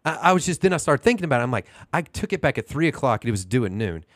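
A man in his thirties rants through a story on a casual podcast. His pitch swings widely, and he fires off rhetorical questions. The recording is dry and close. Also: rapid-fire, dry recording. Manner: animated, indignant storyteller, asks rhetorical questions. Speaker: podcast co-host.

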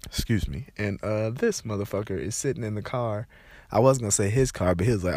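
Medium in pitch and fairly quick, this young man sounds stuffed-up as he rants casually, telling loose and profane stories with animation. The recording has no echo.

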